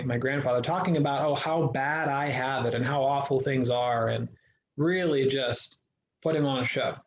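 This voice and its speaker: A man speaks as an interview guest, earnest and reflective, circling back and restarting as he tells his story. His voice sits at an ordinary middle pitch. The recording is echoey and a little dull and lo-fi, with a faint hiss underneath. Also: vocal fry. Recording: echoey room, dull lo-fi sound.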